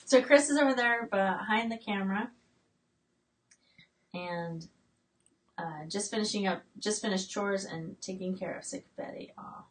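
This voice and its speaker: A woman's voice: medium pitch, measured pace, pauses often. Chatty woman in her late 40s, slightly distant. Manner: chatty, reads out viewer comments, frequent fillers and restarts. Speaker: homestead channel host. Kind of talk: casual live-stream chat.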